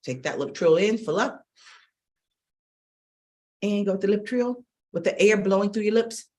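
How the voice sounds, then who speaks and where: A middle-aged woman vocal coach leading a warm-up lesson, energetic and encouraging, giving brisk, direct instructions and checking in often. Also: mid-range voice. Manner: energetic and encouraging, checking in with "okay?" and "all right?".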